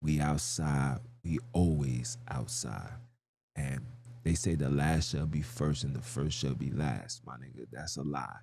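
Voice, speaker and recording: A man's voice: a bass voice, unhurried, creaky, a little mellow, a little hiss or hum. A man hosting a livestream podcast, delivering an argumentative monologue full of slang and rhetorical questions. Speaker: podcast host.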